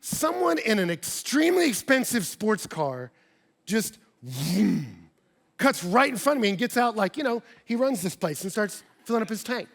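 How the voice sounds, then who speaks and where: A man, a pastor, preaching a sermon with personal storytelling, animated and acting out quoted dialogue. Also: normal speed, gravelly. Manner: animated, acts out quoted dialogue with big pitch jumps.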